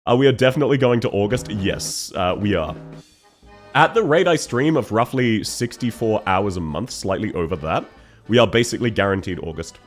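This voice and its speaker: This young Australian man has a fairly low, expressive voice and talks a little fast during a casual live stream with faint music behind. He laughs often between words, gets emotional and thanks his chat.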